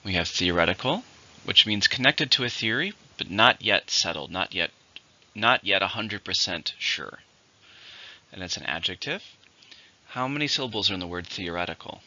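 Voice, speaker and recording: Gravelly, bright-voiced male vocabulary teacher. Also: deep voice, expressive. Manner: slow, clear, deliberate pronunciation drills. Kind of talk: recorded vocabulary lesson. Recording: dull lo-fi recording.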